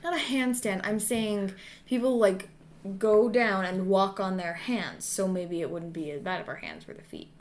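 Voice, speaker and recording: A young woman co-hosting a podcast in casual chat, tired and lightheaded, soft and laid-back, saying "like" often. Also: medium pitch, expressive, normal speed. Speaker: podcast co-host.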